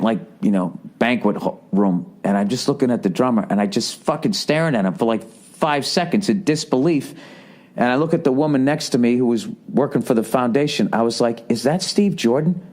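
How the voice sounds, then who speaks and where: On his podcast, a Boston-accented man in his late forties spins a casual, profane monologue, cutting himself off as he rambles. He speaks at medium pitch with a darkish tone.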